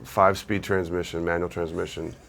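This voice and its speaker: A man's voice: sits low, level tone, brisk, creaky, fairly bright tone. A man in a casual chat, hesitantly listing details. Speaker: actor guest.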